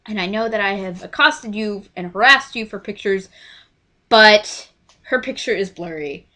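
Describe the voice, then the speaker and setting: A young woman from Texas telling an excited story to her camera, gushing and acting out everyone's lines. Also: medium pitch, normal speed. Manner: gushing, breathless, acts out quoted voices. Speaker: vlogger.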